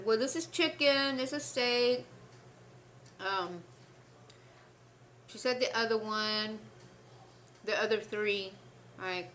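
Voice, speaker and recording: A woman's voice: mid-range voice, a bit bright, slight background noise. A young woman, rambling through a story between bites on her eating show. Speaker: mukbang host. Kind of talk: casual eating-show chat.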